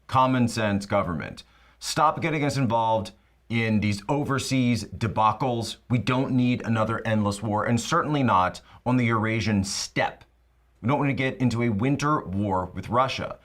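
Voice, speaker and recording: A man's voice: fairly low pitch, fairly bright tone. A man hosting a political talk show, delivering an emphatic, sarcastic monologue. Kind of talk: monologue commentary.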